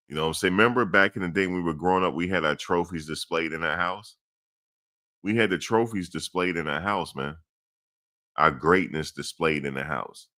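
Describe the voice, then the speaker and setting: Blunt and blustery, a middle-aged man rants as a sports commentary host, repeating himself and speaking directly to his audience. His voice is low, pushed and bright.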